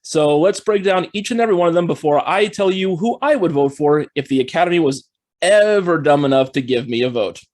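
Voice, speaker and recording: An upbeat man breaks down award nominees in a scripted film review, his speaking voice sitting a little above the usual male range. He keeps an explanatory, steady delivery. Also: fairly high pitch, fairly quick.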